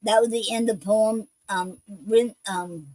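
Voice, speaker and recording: A woman's voice: medium pitch, steady tone, moderate pace, a little mellow, dry recording, low-quality recording. A woman hosting a poetry show, reading poems and explaining a poetic form in a hesitant way, with many ums and restarts.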